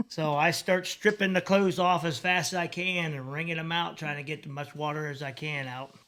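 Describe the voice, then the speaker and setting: Dude swapping coon hunting stories, loud, bit high voice, keeps restarting. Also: male voice, fairly even intonation, moderate pace. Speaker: guest. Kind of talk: casual chat.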